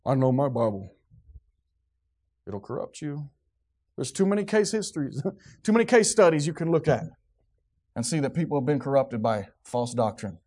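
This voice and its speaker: A male pastor preaching a sermon in a church. His fairly high voice rises and falls widely as he drives his points home. He is sarcastic and fervent, and he keeps throwing questions out to the congregation. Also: lively intonation, moderate pace, darkish tone.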